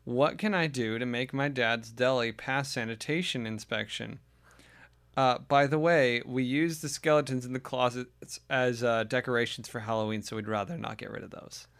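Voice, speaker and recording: A man's voice: mid-range voice, moderate pace, a bit bright. A man hosting a podcast in casual chat, giggly and often restarting his sentences. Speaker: podcast host.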